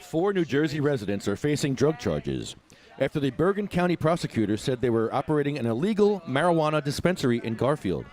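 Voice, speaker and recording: A man's voice: mid-range voice, darkish tone. A man co-hosting a podcast, reading news offhandedly and chatting. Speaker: podcast co-host. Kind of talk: reading news aloud and casual chat.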